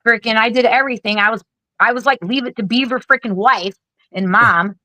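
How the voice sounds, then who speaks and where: Fortysomething woman venting hard, cussing nonstop, bright sharp voice, dry close mic. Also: on the high side, no echo, low-quality recording. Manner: blunt, heavily profane, rapid-fire venting. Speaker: guest, Air Force veteran. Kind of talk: candid podcast storytelling.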